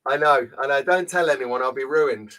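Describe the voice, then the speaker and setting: A man's voice: mid-range voice, moderate pace, a loud crowd. A man hosting a casual live stream from a small home room, chatty and jokey, greeting viewers by name. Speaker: host.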